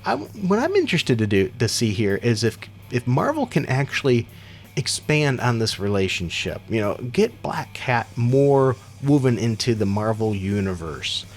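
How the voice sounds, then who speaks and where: A man's voice: mid-range voice, big pitch swings, moderate pace. A middle-aged man giving a casual, opinionated comic book review in a rambling way, with frequent asides that it's just his opinion.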